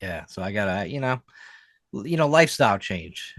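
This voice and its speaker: A man co-hosting a podcast, chatting casually with many fillers and animated asides. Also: on the low side, brisk, no room sound. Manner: rambling, lots of fillers, animated storytelling. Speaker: podcast co-host. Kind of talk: casual chat.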